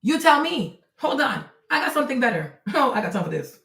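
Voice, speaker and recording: Woman, live-stream host, blunt, profane, high voice, echoey room. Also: big pitch swings, a little fast, gravelly, a bit bright. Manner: blunt, profane, lecturing a chat viewer. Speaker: livestream host.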